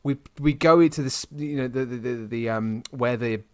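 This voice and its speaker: A man's voice: mid-range voice, normal speed, no echo. Chatty British man, dry sound. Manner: rambling, many restarts and fillers, says "mate". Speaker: podcast co-host. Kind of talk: casual chat.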